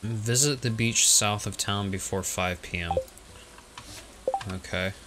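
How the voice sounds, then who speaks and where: A young man with a lowish voice talks slowly through a game, thinking aloud in a relaxed way into a desk mic. A clear layer of background noise and soft clicking sits under his voice. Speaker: streamer. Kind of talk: casual game commentary.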